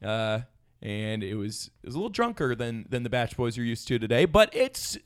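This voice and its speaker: Young guy hosting a goofy podcast, excitable and jokey, mid pitch, studio mic. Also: normal speed, smooth. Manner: excitable, jokey, with rambling restarts. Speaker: podcast host. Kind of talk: casual comedic chat.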